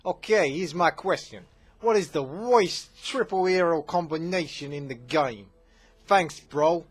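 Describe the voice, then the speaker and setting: A man's voice: a little high, a little slow, slightly rough, pitched above the performer's own voice. A man putting on a mock New Jersey accent to read out a viewer's message as a brash, friendly young guy.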